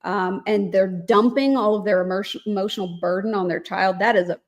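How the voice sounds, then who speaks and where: A woman's voice: medium pitch, brisk. A woman co-hosting a podcast, speaking in an earnest, reflective and affirming way. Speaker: podcast co-host. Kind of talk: casual chat.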